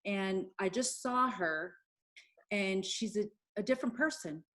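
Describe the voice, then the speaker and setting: A woman's voice: medium pitch, measured pace, fairly bright tone. Woman, co-host, casual storytelling, quoted speech, upbeat. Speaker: show co-host.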